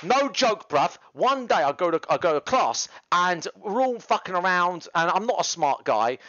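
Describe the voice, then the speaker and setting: A man's voice: high voice, fairly bright tone, no room sound, muffled recording. A British man livestreaming, telling rambling slangy stories with plenty of swearing. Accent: British English. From United Kingdom. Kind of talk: casual livestream chat.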